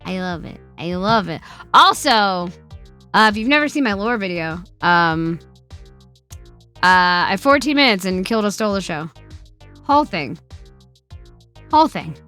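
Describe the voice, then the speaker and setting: Streaming from home, a woman with a medium-pitched voice chats casually with her viewers, swearing heavily and swinging between loud outbursts and quiet muttering.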